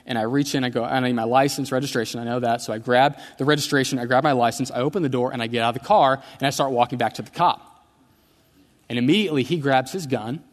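A man's voice: mid-range voice, fast. A male pastor preaching a sermon in a church sanctuary, conversational and telling stories with humor. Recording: long church hall reverb.

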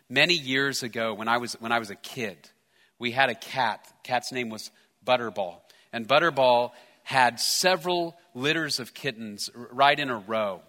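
A man preaching a sermon as pastor, earnest, slowing and softening when he reads scripture. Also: medium pitch, in a large hall. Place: church sanctuary.

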